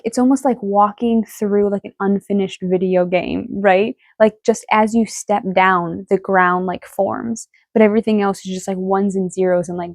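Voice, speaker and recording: A woman giving a casual tarot reading, excitable and emotional, swearing freely as she talks. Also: mid-range voice, creaky, no echo. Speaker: tarot reader.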